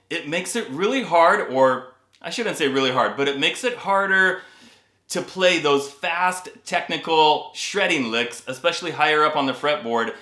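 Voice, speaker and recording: A man's voice: fairly high pitch, bright, forceful tone, echoey room. A man talking casually to viewers as he reviews an electric guitar and shows its parts. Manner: chatty, addresses viewers as guys, demonstrates on guitar.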